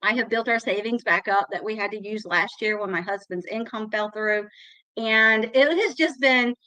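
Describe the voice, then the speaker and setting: A middle-aged woman with a drawl tells her story in a chatty, heartfelt way, often saying y'all. Her voice sits at a medium pitch. The sound is close and dry, with no room echo. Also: moderate pace, pushed and bright. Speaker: guest sharing her success story. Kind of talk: casual testimonial on a live call.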